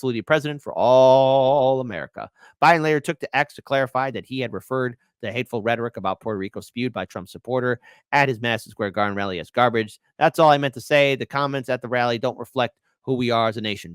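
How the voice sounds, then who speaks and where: A man's voice: mid-range voice, quick pace, clean tone, dry recording, studio quality. A man hosting casual political commentary, sarcastic and mocking, reading articles aloud. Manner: sarcastic, mocking, swings between loud outbursts and mutters.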